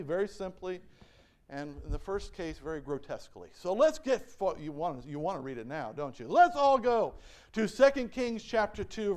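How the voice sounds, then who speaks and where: High-voiced pastor preaching. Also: male voice, a little mellow. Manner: asks the congregation questions and acts out quoted voices; reads scripture aloud. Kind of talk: sermon. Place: church.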